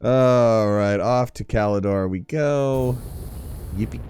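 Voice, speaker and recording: Lively jokey male game streamer. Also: lowish voice, moderate pace, slight background noise. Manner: jokey, laughs often. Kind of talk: casual gaming chat.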